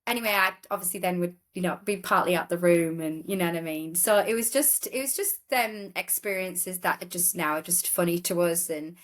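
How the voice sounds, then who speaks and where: A woman's voice: lowish voice, fairly quick, few pauses. Rambling woman telling stories. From England. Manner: rambling, with restarts, acting out other people's voices. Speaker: guest. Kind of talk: casual storytelling interview.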